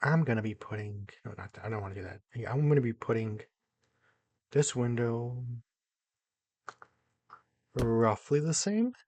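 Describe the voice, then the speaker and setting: A young man giving casual commentary as he builds in a video game, excitable, muttering to himself and then bursting into loud exclamations. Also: medium pitch, measured pace, pauses often, no echo. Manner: excitable, talks to himself while building, jumps between mumbling and loud exclamations. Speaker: gaming YouTuber.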